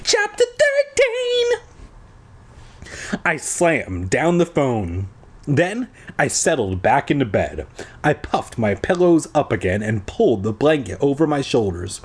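Young male reader, comic storybook narration, very expressive pitch. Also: unhurried, breathy edge. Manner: animated, sarcastic asides. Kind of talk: comedic storybook reading.

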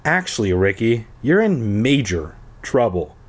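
Man doing an evasive soft-spoken girl, storybook. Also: very animated, a little slow, slightly rough, full character voice. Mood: hesitant. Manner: hesitant, shrill at times. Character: evasive girl friend, speaking softly.

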